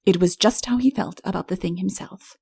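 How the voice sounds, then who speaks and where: A woman narrates a comic fairy tale as an audiobook, wry and lively in her telling. Her mid-range voice has a gravelly, fry-tinged texture. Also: medium pitch, brisk. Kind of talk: scripted storybook narration.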